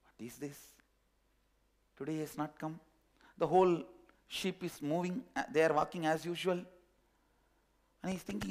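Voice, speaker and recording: A man telling a story in a sermon, animated and acting out the characters. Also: a little high, moderate pace, pauses often. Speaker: spiritual teacher. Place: teaching hall.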